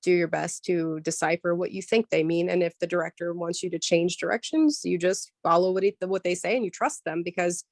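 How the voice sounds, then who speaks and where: A woman voice actor, a guest in a casual interview, explaining her work in a lively way with many "um"s and "like"s. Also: lowish voice, brisk, few pauses, dry recording, studio quality.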